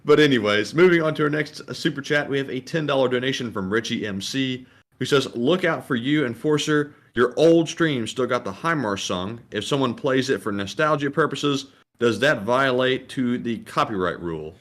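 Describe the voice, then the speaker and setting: A man's voice: mid-range voice, animated, moderate pace, a bit bright. Easygoing male co-host reading messages. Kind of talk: casual livestream chat.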